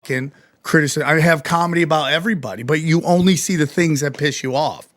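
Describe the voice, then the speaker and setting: A man with a notably high voice hosts a casual podcast, ranting with animated, profane energy. He keeps acting out both sides of imagined exchanges. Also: quick pace. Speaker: podcast host.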